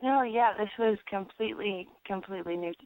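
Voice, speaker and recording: A young American actress chatting in an interview, rambling with lots of fillers and restarts. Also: female voice, medium pitch, brisk, no room sound. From United States. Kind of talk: casual interview chat. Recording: dry tinny phone-like sound.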